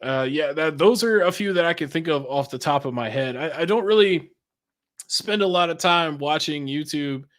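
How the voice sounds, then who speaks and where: A man's voice: fairly high pitch, normal speed, a bit bright. A man who is a podcast guest, talking in a laid-back, chatty way with casual swearing. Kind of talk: casual interview chat.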